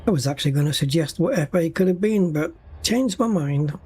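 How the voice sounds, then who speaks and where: A man plays a space game on a home livestream, quietly making dry, wry comments to himself through a desk mic at his gaming setup. This time his fairly high voice sounds expressive, warm and fairly quick, with soft music behind him.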